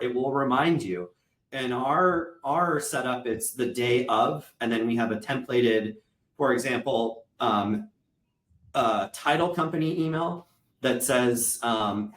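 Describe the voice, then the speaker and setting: A man giving a product walkthrough on a webinar, explaining each feature step by step. His voice carries a noticeable room echo. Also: medium pitch. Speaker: real estate software executive. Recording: echoey room.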